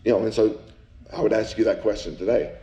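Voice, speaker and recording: A man's voice: fairly low pitch, steady tone, dark tone. Man giving an echoey live speech. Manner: folksy, joking asides with the crowd; slow, emphatic on key lines. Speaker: speaker at a public celebration. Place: event hall. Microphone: handheld mic at a podium. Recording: echoey room.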